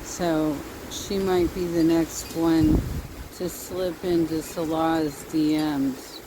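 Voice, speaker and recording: A woman's voice: low voice, fairly even intonation, takes it slowly. A woman commentator making dry, sarcastic remarks over a stream clip. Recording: noisy stream recording.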